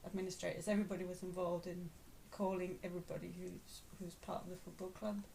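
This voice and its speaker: A woman's voice: on the low side, level tone, fast, vocal fry, warm tone, slight background noise. A woman chatting casually at home as a vlog co-host, often trailing off and laughing. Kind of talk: casual chat.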